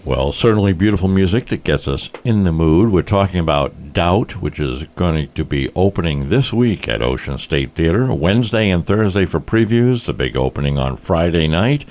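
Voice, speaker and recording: A man from Rhode Island hosting a casual interview about a theater show, talking in a relaxed, conversational way. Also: low voice, moderate pace, few pauses, soft background music. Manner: conversational, uses fillers. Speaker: radio host.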